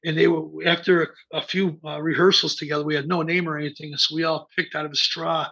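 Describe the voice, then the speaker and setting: A gravelly, husky older man from the American Midwest tells rambling band stories as a guest, stopping and restarting his sentences. His voice sits somewhat high and sounds bright and edgy. The audio is dull and lo-fi. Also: little pitch movement, quick pace. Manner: rambling anecdotes full of fillers and restarts. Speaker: band founder and bassist, interview guest. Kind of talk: casual interview storytelling. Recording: dull lo-fi remote interview audio.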